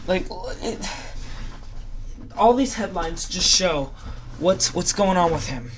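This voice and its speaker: A man's voice: high voice, expressive, takes it slowly, a little hiss or hum. A man giving casual reaction commentary in a sarcastic, mock-enthusiastic ranting way. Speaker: YouTube commentator.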